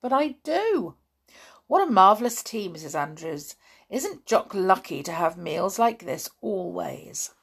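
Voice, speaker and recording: A woman's voice: on the low side, very animated, a little slow, gravelly, slightly rough, exaggerated voice. A woman doing a polite well-mannered schoolboy. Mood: cheerful. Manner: polite, enthusiastic.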